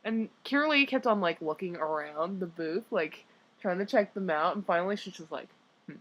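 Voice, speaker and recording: A woman's voice: lowish voice, a little fast. A young woman chatting casually, adding laughing side comments to a friend's stories. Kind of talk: casual chat.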